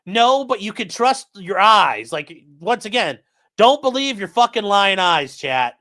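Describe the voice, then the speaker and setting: The host's voice sits high and sounds pushed and bright, very animated though a little slow. On his channel, he scoffs at a court filing with profane, disbelieving commentary and talks with his live chat.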